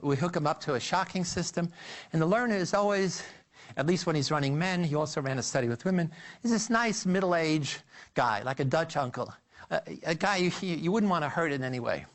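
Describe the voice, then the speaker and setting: Guy lecturing on psychology, kinda high voice, storytelling style, lots of uhs and restarts. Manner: animated storytelling, addresses listeners as "you"; frequent restarts and filler "uh".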